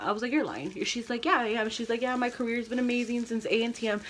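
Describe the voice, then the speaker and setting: Young woman rattling off a storytime vlog super fast, all dramatic, faint room hum. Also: fairly high pitch. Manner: animated, dramatic retelling full of quoted voices. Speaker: vlogger.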